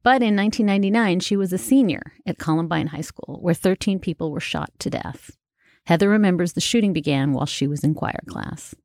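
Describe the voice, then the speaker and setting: A woman host narrates from a script in a measured, composed voice. Her pitch sits somewhat low, and the recording is dry and close. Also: a little mellow, no room sound. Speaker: host, legal correspondent.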